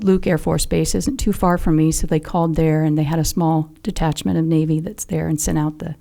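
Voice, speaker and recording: A woman's voice: deep voice, vocal fry, dark tone. An older woman telling a personal story as a podcast guest, earnest and heartfelt, at times dropping to a near whisper. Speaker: podcast guest, mother of a fallen SEAL.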